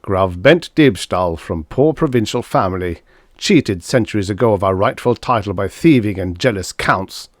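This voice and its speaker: A man's voice: fairly low pitch, lively intonation, moderate pace, dry recording, studio quality, lightly acted. A man voicing a pompous, boastful provincial nobleman with a thick, rich put-on accent and a growling manner in an audiobook. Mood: haughty. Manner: growling, blustering.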